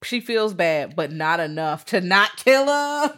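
A woman's voice: on the low side, a little slow. Blunt, profane woman co-host. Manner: blunt, profane, animated retelling. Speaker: podcast co-host. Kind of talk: casual film discussion.

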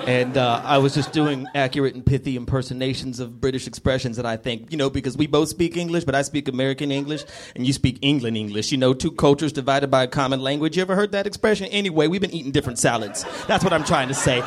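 A man performing stand-up comedy in a club, telling a story in an animated way and slipping into voices. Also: medium pitch, fast talker, hardly any pauses. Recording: live club with crowd and noise.

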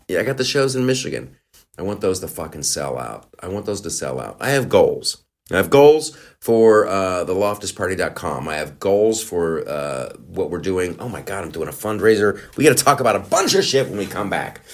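A man's voice: sits low, expressive, moderate pace. A man hosting a podcast, delivering a profane, sarcastic comedic rant. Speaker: podcast host.

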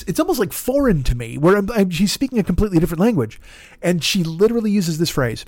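A man's voice: high voice, big pitch swings, fast talker, darkish tone, no room sound, studio quality. A man hosting a podcast, telling a frustrating story in a casual monologue, swearing often and acting out both sides of the conversation. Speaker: podcast host.

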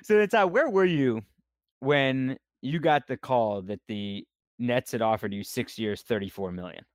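A man of middle pitch hosts a casual interview, asking short questions in a relaxed way. His voice sounds dry and close. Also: unhurried, no room sound. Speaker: podcast host.

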